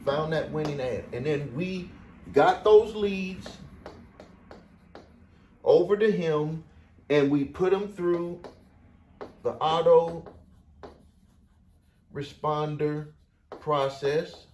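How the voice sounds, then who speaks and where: A man's voice: a little high, very slow, pauses often, darkish tone, a little hiss or hum. A man coaching small business owners, telling a client story casually to camera, often repeating phrases for emphasis.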